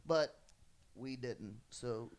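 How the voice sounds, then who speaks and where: A man's voice: medium pitch, extremely slow, smooth. A man telling a story in casual podcast chat, acting out the quoted lines with animation.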